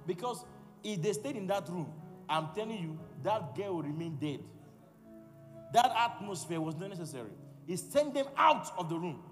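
Man, preacher, fairly high voice, long hall reverb, music behind. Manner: forceful, repetitive call-and-response preaching. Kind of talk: sermon.

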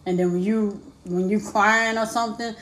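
A woman co-hosting a casual chat, supportive and light-hearted, quick to affirm her partner. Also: medium pitch, steady tone, fairly bright tone. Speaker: co-host. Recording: echoey room.

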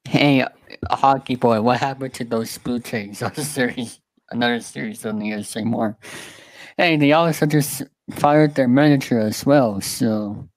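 Male podcast panelist, middle pitch, dry recording, offhand and teasing. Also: unhurried, no room sound, rough recording. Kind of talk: casual chat.

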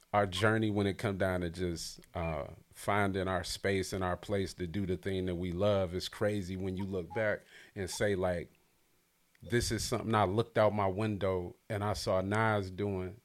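A man's voice: low-pitched, steady tone. Detroit guy hosting a chill podcast chat, teasing and laughing a lot. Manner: playful, teasing, quick to laugh. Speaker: podcast host. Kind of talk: casual interview chat.

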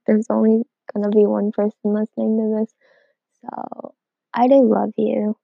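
A woman's voice: fairly high pitch, little pitch movement, unhurried, gravelly, breathy edge, no echo, muffled recording. A teenage girl hosting a casual solo podcast from home, rambling and filling every gap with "like". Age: teens. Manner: rambling, heavy use of "like". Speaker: podcast host.

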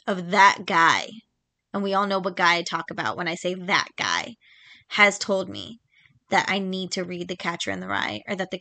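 A woman hosting a podcast, giving casual, animated opinions with lots of "like" fillers. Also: mid-range voice. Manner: chatty, animated, frequent "like" fillers, mock voices for others. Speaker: podcast host.

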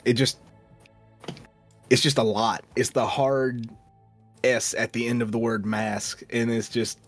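A man's voice: mid-range voice, flat delivery, faint music behind. A man co-hosting a podcast, bantering jokingly and stumbling over his words. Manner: joking, halting with repeated restarts. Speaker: podcast co-host.

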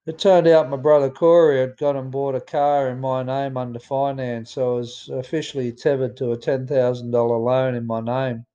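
A man's voice: mid-range voice, warm tone, dull audio. A man with an Australian accent reading his own memoir aloud in a plain storytelling way, with some fillers and restarts. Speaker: memoir narrator.

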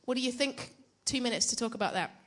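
A woman's voice: on the high side, fast talker. A young woman preaching to a church gathering in a chatty, self-deprecating way, often asking the audience questions. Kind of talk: conference teaching talk.

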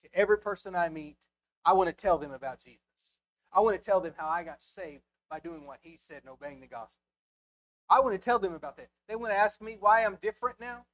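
A man preaching in a church before a live congregation. He drops to near-whispers, then surges loudly on key words, and keeps asking the congregation rhetorical questions. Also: fairly high pitch, animated, quick pace. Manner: impassioned, swinging from hushed asides to loud emphasis. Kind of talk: sermon.

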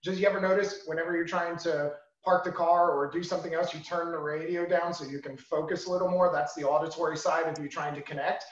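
A man's voice: on the high side, steady tone, fast, few pauses. Man explaining in a roomy lo-fi call. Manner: explanatory, repeats key phrases. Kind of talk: teaching a sales class.

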